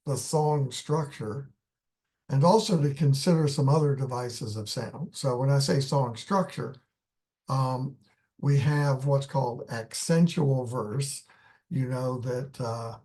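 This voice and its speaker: A man lecturing on poetry in a live online class, explaining in an unhurried way and thinking aloud with many fillers. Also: mid-range voice, warm tone.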